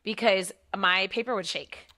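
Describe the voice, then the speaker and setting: A woman hosting a casual interview podcast, chatty and quick to laugh. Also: medium pitch, pushed and bright. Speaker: podcast host.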